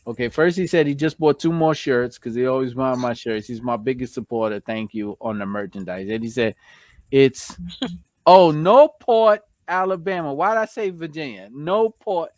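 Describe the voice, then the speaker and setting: A man's voice: mid-range voice, fairly quick, hardly any pauses, darkish tone, no echo, studio quality. A man with a New York accent hosting a casual live stream, chatting and reading out viewer comments.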